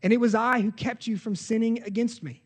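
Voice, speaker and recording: A man's voice: very high-pitched, fairly even intonation, brisk. A man, preaching a sermon as pastor in an earnest, conversational way with self-corrections. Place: church sanctuary. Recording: long hall reverb of a church.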